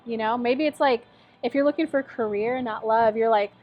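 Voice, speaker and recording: A woman's voice: a little high, fairly quick, lo-fi sound. A woman giving a casual tarot reading in a chatty, encouraging way, with lots of "like" and "um". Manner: chatty, encouraging, many fillers. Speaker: tarot reader. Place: lives in Tennessee.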